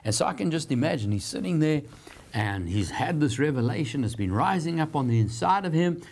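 A man's voice: a little high, expressive, a little fast, vocal fry, a little mellow. A man hosting a televised Bible teaching program, preaching in an earnest, encouraging, conversational way.

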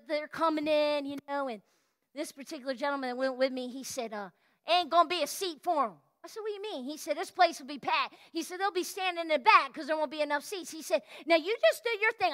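A woman pastor preaching an animated, storytelling sermon and breaking into bits of song. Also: very high-pitched. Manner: animated storytelling sermon, exclamations, sings snippets. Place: church sanctuary.

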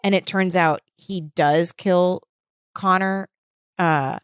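A woman's voice: lowish voice, fairly even intonation, slow, clear, resonant tone, dry recording, clean studio sound. A woman co-hosting a podcast in casual chat, talking with lots of "like" fillers and acting out quotes. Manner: chatty, uses many "like" fillers, acts out quotes. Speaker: podcast co-host.

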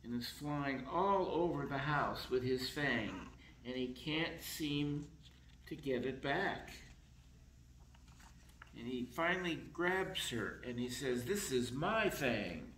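Slow, expressive man reading a picture book. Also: medium pitch, roomy sound, slight background noise, poor audio. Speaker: storyteller reading a children's book. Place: council chambers.

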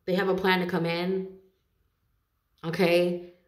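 Low-voiced chatty woman reading tarot. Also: monotone, slow, echoey room. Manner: chatty, swears freely, laughs often. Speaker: tarot reader.

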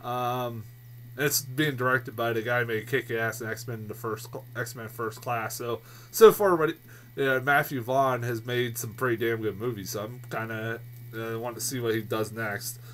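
A man's voice: mid-range voice, fairly even intonation, measured pace, a bit bright, slight background noise. A man giving a casual, exasperated film review, swearing often and laughing in disbelief as he rants.

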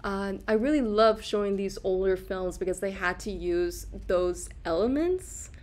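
A woman's voice: mid-range voice, a little slow, darkish tone. Woman, casual livestream host, chatty art lecturer with fillers and easy laughter. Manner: chatty, laughs often, many fillers and restarts; reads and answers viewer comments.

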